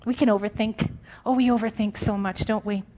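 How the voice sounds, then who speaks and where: A woman preaching an informal, conversational sermon, animated and often laughing. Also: medium pitch, brisk.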